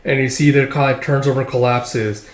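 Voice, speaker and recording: A man casually reading through a manga aloud, excitable and animated, acting out the lines. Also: mid-range voice, fast talker, roomy sound. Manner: excitable, laughs often, acts out lines. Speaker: comic reader and commentator.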